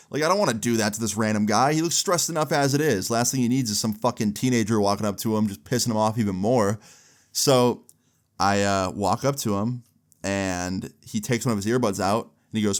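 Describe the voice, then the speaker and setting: A man's voice: on the low side, brisk. A young man casually telling a story, animating the other people's lines as he goes. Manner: animated, acting out the voices of others in the tale.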